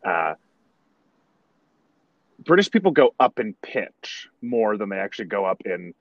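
A man, a stage actor, chatting as a podcast guest and telling stories in an animated way, often correcting himself as he goes. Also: on the low side, unhurried, no echo, dull audio. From United States. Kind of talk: casual podcast conversation.

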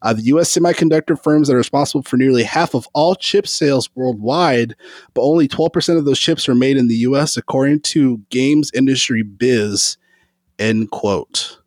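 Man haltingly reading gaming news. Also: medium pitch, dry recording. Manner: hesitant, many fillers when reading. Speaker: podcast host. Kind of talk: casual chat, reading news aloud.

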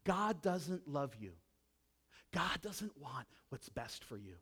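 A man preaching a sermon as a pastor, with dramatic swings between loud emphasis and hushed intensity. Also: fairly high pitch, big pitch swings, takes it slowly, husky.

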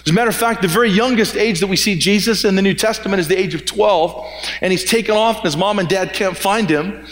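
A male pastor with a fairly high voice delivers a sermon in a relaxed storytelling manner. He often restarts phrases and doubles words as he thinks aloud. The sound carries a long, echoing reverb from the hall around him. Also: quick pace, a little hiss or hum.

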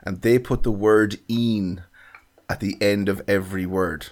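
A man's voice: fairly low pitch, steady tone, measured pace, a little mellow. A man from Ireland with an Irish accent, co-hosting a casual podcast chat and often restarting his phrases. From County Galway, Ireland. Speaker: podcast co-host.

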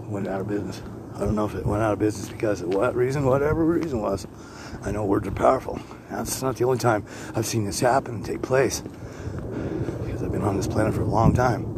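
A low-voiced man rambles through a podcast as he walks outside. He talks bluntly, swears freely and keeps breaking off and restarting. Traffic and street noise run clearly under his voice. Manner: rambling, with frequent restarts and digressions. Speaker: podcast host. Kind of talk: rambling walk-and-talk monologue. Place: outdoors, walking neighborhood streets. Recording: outdoor street noise with passing vehicles. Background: passing traffic and street ambience.

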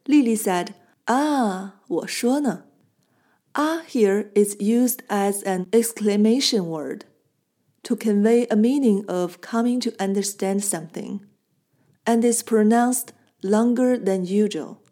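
A woman language teacher giving a scripted lesson, explaining clearly and patiently and slowing down for model phrases. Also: mid-range voice, warm tone.

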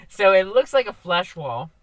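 A woman's voice: medium pitch, sing-song, takes it slowly, dry recording. A woman co-hosting a casual comedy podcast, giggly and teasing with crude jokes, recorded in a car. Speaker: podcast co-host. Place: inside a car.

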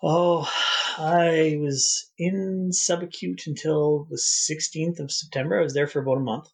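A man's voice: a little high, steady tone, measured pace, gravelly, darkish tone, slightly rough. A man, a guest in an interview, recounting his experience earnestly and reflectively, often restarting his sentences. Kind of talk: personal storytelling in an interview.

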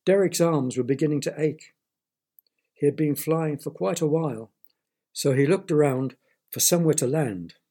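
Husky man reading a children's story. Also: a little high, moderate pace. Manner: gentle, explains words to young listeners.

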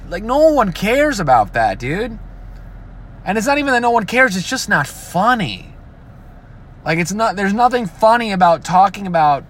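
A man's voice: high-pitched, a bit bright. A man ranting casually and profanely, often breaking into mocking imitations of other people. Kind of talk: casual rant.

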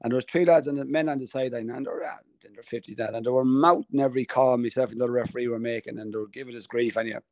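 A man's voice: medium pitch, steady tone, rapid-fire, hardly any pauses, a little mellow, no echo. A man with an Irish accent, co-hosting a podcast and telling a funny story in casual chat. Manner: jokey yarn-spinner, laughs often. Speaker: podcast co-host.

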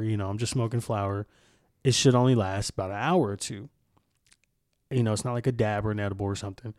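A man's voice: mid-range voice, darkish tone, no room sound, clean studio sound. A young man hosting a casual podcast, telling a story in a candid, rambling way with lots of swearing. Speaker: podcast host.

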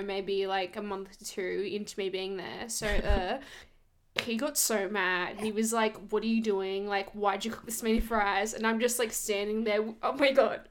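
A young woman, telling stories in a casual chat and laughing often. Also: mid-range voice. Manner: animated storyteller, laughs often.

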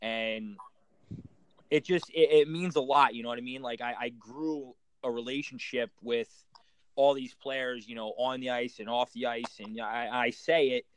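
A man's voice: mid-range voice, steady tone, clean tone, no room sound. A man, a hockey coach, telling stories in casual chat, cursing and restarting his sentences often. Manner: profane, halting, restarts often.

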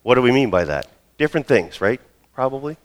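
A man in his role as pastor, preaching a sermon and telling a story with lively asides. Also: medium pitch, a little fast. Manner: storytelling, acts out quoted voices.

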